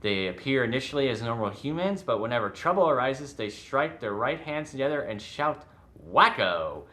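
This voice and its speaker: A man's voice: medium pitch, lively intonation, a little fast, a bit bright. A man co-hosting a podcast in casual chat, rambling a bit as he reads out a show premise. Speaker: podcast co-host.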